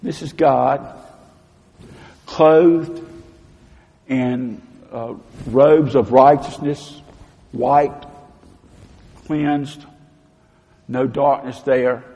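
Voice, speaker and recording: A man preaching a sermon, swinging between loud emphatic proclaiming and hushed low tones and leading the congregation in call-and-response. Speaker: pastor. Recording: long hall reverb.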